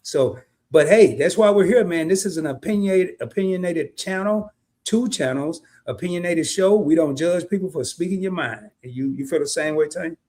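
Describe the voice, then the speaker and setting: A man's voice: on the high side, normal speed, darkish tone. A middle-aged man co-hosting a live stream, laid-back and slangy, talking straight to his viewers. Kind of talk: casual live stream chat.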